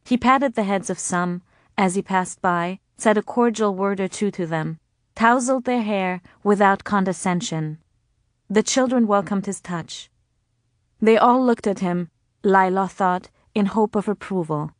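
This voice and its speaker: A woman reads a novel aloud in a measured, even way. Her voice sits at an ordinary mid pitch. The recording is dry and close. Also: dry recording. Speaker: audiobook narrator. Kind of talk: scripted narration.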